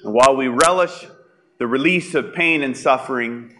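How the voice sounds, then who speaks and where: A man preaching a sermon, slow and deliberate, with dramatic pauses. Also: mid-range voice, sharp tone, a little hiss or hum. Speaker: pastor.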